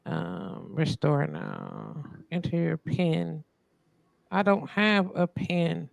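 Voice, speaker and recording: A woman's voice: low voice, huge pitch swings, very slow, creaky, no room sound. A woman hosting a live stream in casual chat, muttering and venting as she fixes her tech. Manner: frustrated, muttering while fixing tech. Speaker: host.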